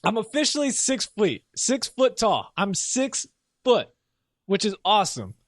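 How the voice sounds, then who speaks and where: Lively high-voiced man hosting sports talk. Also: a little slow, no echo, studio quality. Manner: casual, rambling, self-mocking, laughs often. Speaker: sports podcast host. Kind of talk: solo sports talk and rants.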